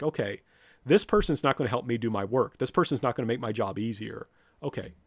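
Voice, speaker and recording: A man's voice: mid-range voice, no echo. Blunt, direct male professor. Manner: blunt, direct, with lively mock-quotes. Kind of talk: lecture to students.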